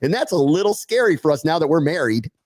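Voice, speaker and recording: Animated ranting man on a sports podcast. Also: fairly high pitch, quick pace, dry recording. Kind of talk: casual sports chat.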